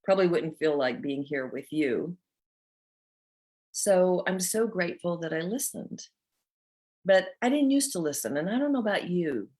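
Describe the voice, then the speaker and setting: A woman's voice: on the low side, animated, moderate pace, pauses often, darkish tone. A middle-aged woman hosting a motivational talk, telling a personal story in an earnest, heartfelt way. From North Georgia, USA. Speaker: host.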